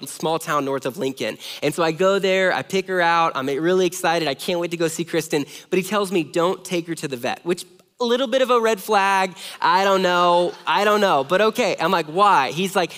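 Animated high-voiced male preacher. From Southern California. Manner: animated, self-deprecating storytelling. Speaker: pastor. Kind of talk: sermon with storytelling. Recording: long hall reverb.

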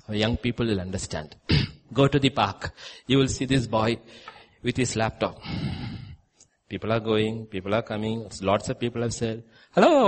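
A male preacher delivering a sermon, telling stories and swinging between loud emphasis and hushed lines. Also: mid-range voice, slightly rough.

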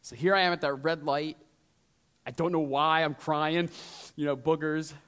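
A man preaching a sermon as pastor, talking straight to the congregation and swinging from lively emphasis down to hushed storytelling. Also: a little high, normal speed, clear, resonant tone. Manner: conversational, addresses the congregation directly.

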